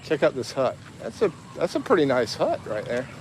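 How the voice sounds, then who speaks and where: A man's voice: mid-range voice, wildly swooping pitch, brisk, a little hiss or hum. A man on a casual live walking vlog, chatting, reading viewer comments aloud and laughing often. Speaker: livestream vlogger. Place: outdoors in a town.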